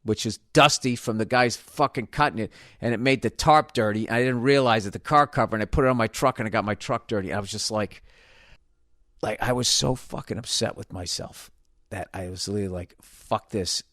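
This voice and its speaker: A man's voice: fairly low pitch, a little fast, fairly bright tone, no echo, clean studio sound. A middle-aged man hosting a podcast, telling a story as an exasperated, profane comedic rant. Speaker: podcast host.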